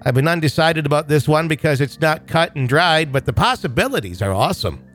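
A man's voice: fairly high pitch, lively intonation, fairly quick, fairly bright tone, faint music behind, pitched above the performer's own voice. A northern Minnesota woman reads out her own letter in a broad, sing-song Minnesotan accent, as a man hams it up. She is earnest and folksy about it, with the long drawn vowels of that accent stretched for effect. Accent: Minnesotan, put on. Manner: exaggerated folksy reading of a letter.

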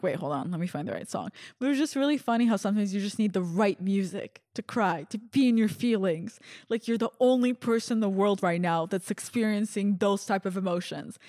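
A woman's voice: medium pitch, darkish tone, dry recording, clean studio sound. A young woman hosting her podcast, telling a personal story in a chatty, laughing way and acting out the lines of her friends. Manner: chatty, laughing, acts out quoted dialogue. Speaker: podcast host. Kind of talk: casual storytelling monologue.

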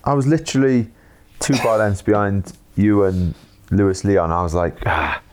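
A man's voice: lowish voice, animated, normal speed, darkish tone, clear, resonant tone. A Welsh man hosting a podcast, chatting in an easygoing, matey way and laughing often. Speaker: podcast host. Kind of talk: casual chat.

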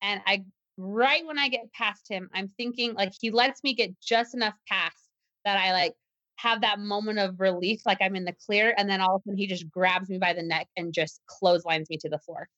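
Bright-voiced woman recounting a story. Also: medium pitch, steady tone, normal speed, dry recording. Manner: earnest, tense retelling with restarts. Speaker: guest, self-defense teacher. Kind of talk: personal story told in an interview. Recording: slightly dull, muffled recording.

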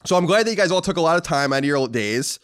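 An American man with a slightly higher voice co-hosts a laid-back podcast. His pitch swings around a lot as he reads listener mail and jokes around. He sounds casual and teasing. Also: lively intonation, fast talker, fairly bright tone, clear, resonant tone, no echo, studio quality. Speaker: podcast co-host.

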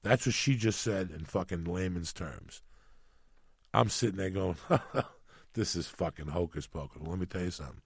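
A man from New Jersey, a comedian guest, telling a profane story loudly and animatedly, acting out the voices of others. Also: low-pitched, normal speed, creaky, slightly rough, dry recording. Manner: loud, swearing, animated, re-enacts voices.

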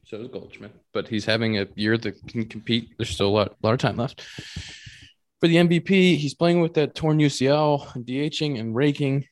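A man in casual podcast chat, recounting stories with lively emphasis. He keeps circling back and repeating himself when he gets worked up. His voice sits at an ordinary middle pitch. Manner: animated storytelling, repeats words for emphasis. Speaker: podcast co-host, pro baseball player.

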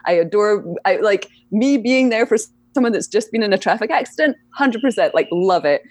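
A woman's voice: mid-range voice, animated, brisk, dry recording. A young woman talking casually as an interview guest, chatty and laughing often, with many fillers. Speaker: guest, EFT practitioner.

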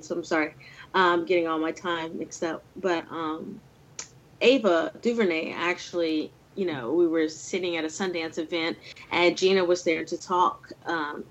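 A woman filmmaker telling a personal story in an interview over a video call, earnest and emotional, laughing often. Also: lowish voice. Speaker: filmmaker guest. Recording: slightly dull lo-fi sound.

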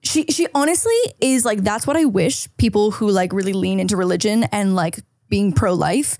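A woman's voice: mid-range voice, moderate pace, a little mellow, no echo, clean studio sound. A woman in her thirties co-hosting a podcast, chatting casually with lots of likes and fillers. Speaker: podcast co-host. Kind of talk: casual chat.

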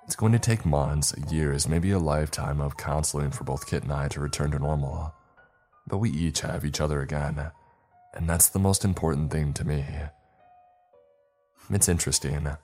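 Narrator: man, extremely low voice, measured first-person horror reading, faint music beneath. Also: dark tone.

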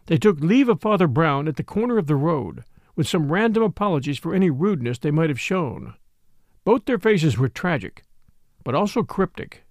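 Expressive man narrating a mystery story. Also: fairly high pitch, normal speed, no echo, studio quality.

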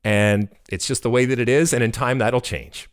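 A middle-aged man co-hosts a soccer podcast, chatting casually in animated bursts and frequently repeating words. His voice is mid-range and his speed normal.

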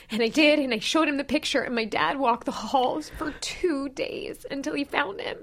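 A woman's voice: sits high, moderate pace, vocal fry. Candid woman telling a personal story. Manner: candid, emotional, animated retelling with quoted dialogue. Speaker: podcast co-host. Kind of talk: personal storytelling in casual chat.

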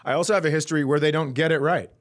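A man's voice: a little high, steady tone, rapid-fire. A man hosting a podcast, telling a comic story in a profane, indignant way. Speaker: podcast host. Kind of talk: comedic storytelling chat.

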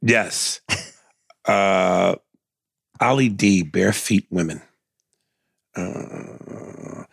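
A man's voice: low voice, very slow, vocal fry, pauses often, breathy edge, no echo, studio quality. A man co-hosting a casual comedy podcast, reading listener letters aloud in a loose, profane way.

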